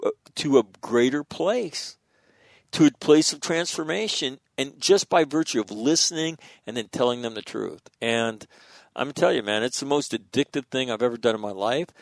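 A man hosting a podcast, telling stories in a casual, profane, animated way with frequent restarts. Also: medium pitch, no room sound.

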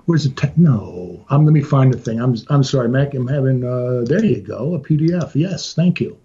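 A man guesting on a podcast in casual chat, talking fast and rambling, poking fun at himself and swearing now and then. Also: medium pitch, lively intonation, dark tone, breathy edge, muffled recording. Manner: rapid, rambling and self-deprecating, with casual swearing.

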